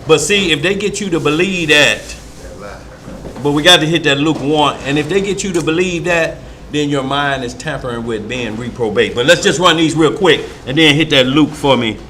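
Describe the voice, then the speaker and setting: Bible study leader, man, bright and fairly high voice, emphatic folksy preaching, faint room noise. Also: moderate pace. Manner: emphatic, folksy, often asks if listeners follow. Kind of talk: informal preaching.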